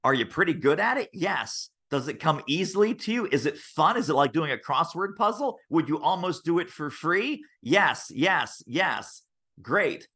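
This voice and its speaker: A man's voice: a little fast, few pauses. A man talking as a sales expert on a podcast interview over a video call, telling stories and acting out the voices of the people in them. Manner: lively, acts out quoted voices with big pitch jumps. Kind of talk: animated interview storytelling.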